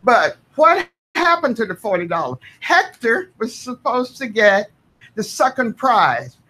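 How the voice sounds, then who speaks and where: A woman's voice: a little high, big pitch swings, a little slow, sharp tone. A woman, speaking as a tenant during public comment at a board meeting, earnest, folksy and insistent. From Southern United States.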